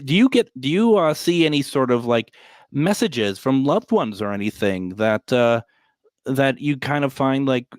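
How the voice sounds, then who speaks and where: A man's voice: medium pitch, dry recording. A man hosting a call-in radio show from a hotel room, talking casually in a rambling, joking way with lots of fillers and restarts.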